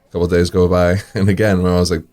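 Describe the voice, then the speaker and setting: This restaurant owner, a guest on an interview show, speaks in a low, darkish voice with a flat delivery and very fast pace. He settles into long, casual anecdotes, performing the quoted lines and chuckling along the way.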